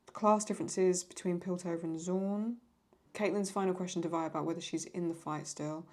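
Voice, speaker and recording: Rambling woman, lowish voice. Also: steady tone, a little fast, a little mellow. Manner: rambling, paraphrasing lines, apologizes for getting stuck. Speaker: YouTube host answering viewer questions. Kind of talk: casual chat.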